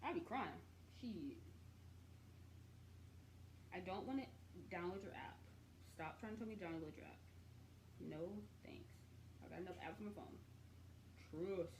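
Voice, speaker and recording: A young adult woman recapping and reviewing a TV series in a chatty, expressive way, with casual slang and the odd swear. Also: on the low side, unhurried, pauses often, slight background noise.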